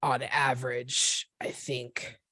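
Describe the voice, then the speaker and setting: A woman in her forties recounts her experience as a podcast guest. Her voice sits low, and the recording is dry and close. She speaks earnestly and thoughtfully, often pausing and restarting mid-sentence. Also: flat delivery, sharp tone, no echo. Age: 40s. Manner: earnest, reflective, halting with many restarts. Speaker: guest, NICU parent. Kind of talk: personal storytelling in a podcast interview.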